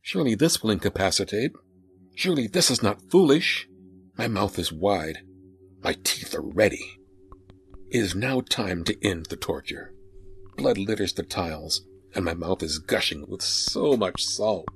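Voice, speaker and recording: A man narrating a first-person horror story in a grim, deliberate manner. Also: low voice.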